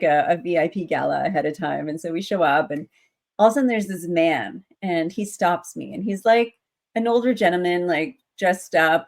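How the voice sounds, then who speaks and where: A young adult woman with a lowish, creaky voice is a guest in an interview, casually telling a story full of fillers and doing the voices of the people she quotes.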